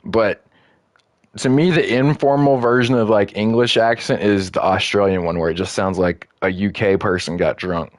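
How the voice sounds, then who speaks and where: Man, gaming streamer, lowish voice, dry close sound, rambling casual chat. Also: steady tone, normal speed, no echo. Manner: rambling and chatty, full of "like". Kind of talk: casual live-stream commentary.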